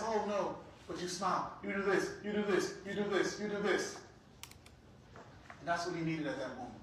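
A man's voice: extremely high pitch, pushed and bright. A man teaching a religious class as an imam, talking conversationally and often checking in with his listeners. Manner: conversational, keeps checking in with "right?". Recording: very echoey room, mic far off.

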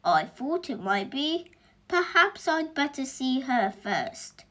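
A woman voicing a kindly male vet in a storybook reading, calm and reassuring. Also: high voice, slow pace, heavily acted. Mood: soothing.

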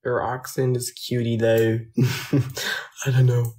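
Speaking slowly with completely flat delivery, a French-accented man from France chats casually on a phone livestream. His voice is mid-range, and he answers viewer comments softly and hesitantly, often trailing off.

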